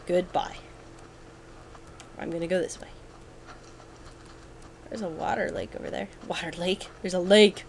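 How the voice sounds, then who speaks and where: A young woman giving casual, excitable commentary while playing a video game, with sudden yelps and running chatter. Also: lowish voice, measured pace, pauses often, a little hiss or hum, low-quality recording. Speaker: let's play gamer.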